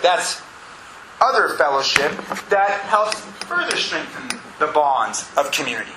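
A man with a fairly high, strikingly bright voice preaches a sermon as pastor. He pushes his points with drawn-out phrases and repetition. The sound carries the echo of a church room with a faint hum behind it. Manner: emphatic preaching with drawn-out pauses and repeats. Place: church sanctuary with congregation. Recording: echoey room.

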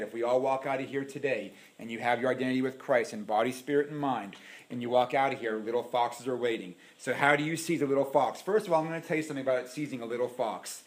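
A man preaching a sermon in a church, animated and dramatic, acting out the voices he quotes. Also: fairly high pitch.

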